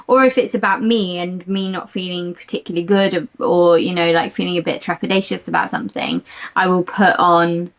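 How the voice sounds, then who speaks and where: A woman's voice: on the low side, a little fast. A woman guest voice actor in a casual interview, rambling and self-deprecating.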